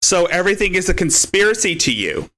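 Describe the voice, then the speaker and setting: A man's voice: high voice, big pitch swings, brisk, sharp tone. A male podcast host giving mocking, scornful commentary on a livestream.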